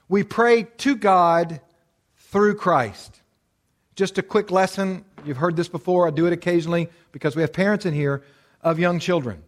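A man with a fairly high voice teaching a church Bible class as its pastor. He asks questions and answers them himself, and he repeats his key phrases for emphasis.

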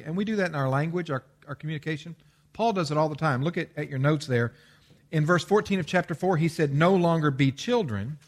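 A man preaching a sermon as a pastor, stressing commands and explaining with everyday examples, with frequent "uh" and restarts. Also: fairly high pitch. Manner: emphatic, repeats commands with stress.

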